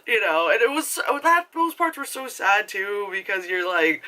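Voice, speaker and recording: A woman's voice: mid-range voice, big pitch swings, normal speed, sharp tone. A woman giving a casual, rambling movie review, full of filler words and swearing.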